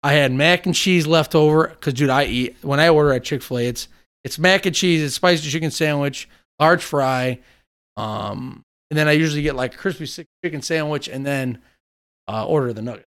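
A man with a slightly high voice tells long stories in casual chat, swearing often and getting worked up as he goes. He talks in an animated, loose way. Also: moderate pace. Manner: animated storyteller, swears freely.

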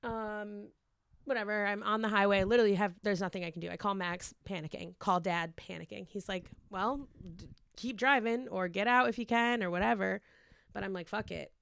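A woman's voice: medium pitch, fairly even intonation, a little fast, gravelly, a bit bright, clean tone, no room sound. A young woman in her twenties telling a long, rambling story in casual chat, swearing freely and acting out quotes.

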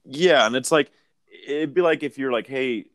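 A man's voice: a little high, moderate pace, fairly bright tone, no room sound, clean studio sound. A young man from Idaho co-hosting a podcast in casual chat, loose and swearing, laughing at his own jokes. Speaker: podcast co-host.

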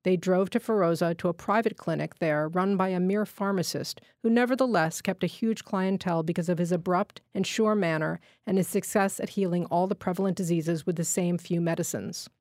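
A woman reads a short story aloud, measured and steady. Her voice sits low, and the studio sound is dry and close. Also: dry recording. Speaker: guest reader. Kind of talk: literary reading.

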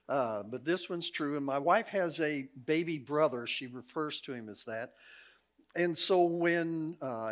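A middle-aged man, preaching as a guest speaker in a church, telling folksy stories with a joking, laughing manner. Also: medium pitch. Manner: folksy, jokey storyteller, laughs often. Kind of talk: sermon with storytelling. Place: church sanctuary.

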